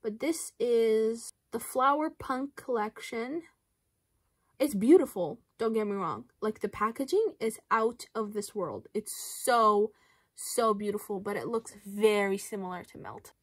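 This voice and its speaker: A young woman from Canada giving casual, playful commentary on makeup releases as a beauty vlogger, with animated, exaggerated reactions. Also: a little high, unhurried, husky, no room sound, studio quality.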